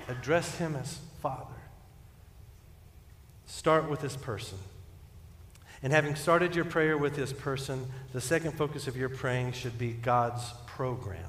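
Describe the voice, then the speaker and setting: Pastor, male, somewhat high voice, earnest sermon delivery with emphatic swells, recorded in a reverberant church sanctuary. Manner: earnest preaching, rising to emphatic peaks then dropping soft. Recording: echoey church hall with long reverb.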